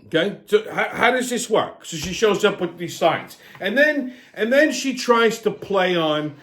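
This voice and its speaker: Host. Foul-mouthed ranting commentary in a high, swooping voice. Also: male voice, expressive, unhurried, a bit bright. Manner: profane, combative, repeats "okay?".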